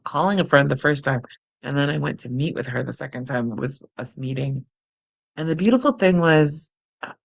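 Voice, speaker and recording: A middle-aged woman hosting a guided breathing practice, speaking softly and laughing at herself now and then. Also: low-pitched, gravelly, muffled recording. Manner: soft and unhurried, laughs at herself. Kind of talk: gentle guided meditation, chatty asides. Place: home, close to the camera. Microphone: camera mic, close.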